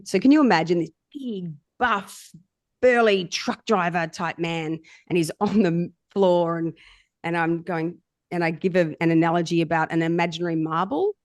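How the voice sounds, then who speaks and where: A woman's voice: on the low side, darkish tone, no room sound, studio quality. A woman, a somatic coach guesting on a podcast, telling stories animatedly and laughing often. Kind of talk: storytelling in casual chat.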